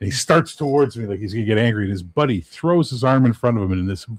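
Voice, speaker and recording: A Canadian man in his fifties, a game master chatting as a podcast guest, swearing freely and telling animated stories. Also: mid-range voice, fast, no room sound. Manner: profane, animated storyteller. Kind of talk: casual chat.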